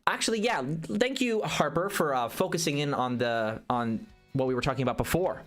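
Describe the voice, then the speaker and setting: A man chatting casually on a live gaming stream, animated, rambling and self-deprecating. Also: a little high, a little fast, faint music behind.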